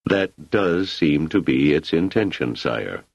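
A man voicing a calm, deferential minister. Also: a bass voice, gravelly, dry recording, full character voice. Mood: composed. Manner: quiet, measured, deferential. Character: calm, courteous male first minister. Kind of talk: audiobook character voice. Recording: slightly muffled lo-fi recording.

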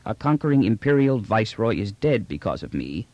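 A man narrating a story, voicing a proud, gruff old patriarch who speaks curtly and gravely. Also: sing-song, fairly quick, no room sound, lo-fi sound. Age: older. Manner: curt and grave, bursting into deep anger.

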